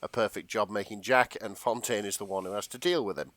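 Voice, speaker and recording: A man's voice: lowish voice, quick pace, a bit bright, dry recording, clean studio sound. A man co-hosting a podcast, casually retelling a story in a chatty way. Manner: chatty storytelling, breaks into laughter. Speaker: podcast co-host. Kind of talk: casual chat summarizing a fan fiction.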